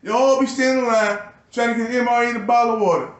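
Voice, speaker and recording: A man's voice: extremely high pitch, steady tone, quick pace, reverberant. A man delivering a profane, agitated and bitter ranting monologue to his video channel. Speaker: YouTuber.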